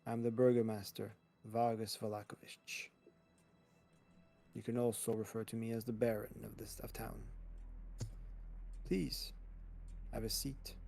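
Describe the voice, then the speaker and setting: A man's voice: on the low side, flat delivery, unhurried, gravelly, pauses often, darkish tone, faint music behind. A man voicing a composed male burgomaster who calls himself the town's baron, speaking formally and courteously. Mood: welcoming.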